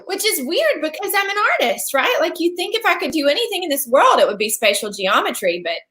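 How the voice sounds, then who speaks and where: A woman's voice: sits high, big pitch swings, a little fast, fairly bright tone. A woman co-hosting a casual live-stream chat, telling stories in a playful, chatty way. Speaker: co-host.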